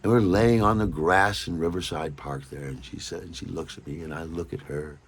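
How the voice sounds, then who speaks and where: A man telling a personal anecdote in a rambling, halting way, often repeating his words. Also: low-pitched, fairly even intonation, slightly rough. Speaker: storyteller. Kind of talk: personal anecdote told casually.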